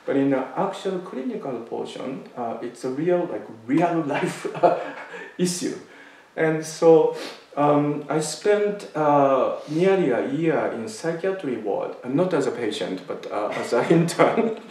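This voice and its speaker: A man giving a Zen dharma talk, telling a personal story in a halting way with many fillers and restarts. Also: fairly high pitch, animated, a little mellow. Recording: echoey room, mic at a distance.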